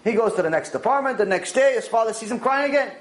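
A man with a high-pitched voice delivers a Torah lecture. He tells stories with animation and repeats key phrases to drive them home. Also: fast talker. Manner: animated storytelling, with repetition for emphasis. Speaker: Torah teacher.

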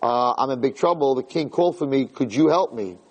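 A man's voice: mid-range voice, animated, brisk, darkish tone, husky. A man acting out a frightened ordinary man who has been called before the king and is pleading for help. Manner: anxious, pleading. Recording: long reverberant hall.

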